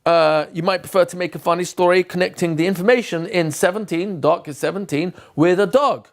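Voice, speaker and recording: A man's voice: high-pitched, brisk. A man giving a recorded lesson to teachers, quizzing himself aloud and answering in a playful way. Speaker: teacher trainer.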